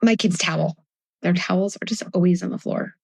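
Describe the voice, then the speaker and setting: A woman in her forties, a parenting expert speaking to a live audience, animated and acting out little scenes with her children in shifting voices. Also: lowish voice, fairly quick, creaky, no echo. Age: 40s. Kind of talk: live talk before an audience.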